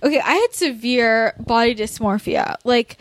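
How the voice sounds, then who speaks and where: A woman's voice: on the high side, moderate pace, dry recording. A young woman hosting a candid conversation, talking bluntly and ramblingly with many fillers and laughing through tears.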